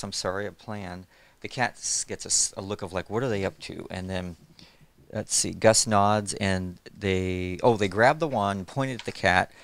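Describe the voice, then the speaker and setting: A man's voice: fairly low pitch, creaky, fairly bright tone, slight background noise. A middle-aged man, an animator, talking casually in an interview, friendly and rambling with lots of fillers. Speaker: animator and storyboard artist. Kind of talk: casual interview, explaining his work.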